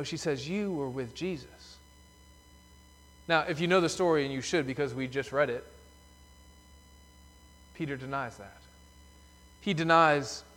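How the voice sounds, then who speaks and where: A man's voice: a little high, a bit bright. Emphatic preacher man in a reverberant church. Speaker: pastor. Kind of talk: sermon. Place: church sanctuary. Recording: long reverb of a church hall.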